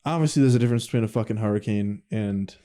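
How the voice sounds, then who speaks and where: Joking young man, warm low-key voice. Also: quick pace. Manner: joking banter, swears, repeats catchphrases. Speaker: podcast co-host. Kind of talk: casual chat.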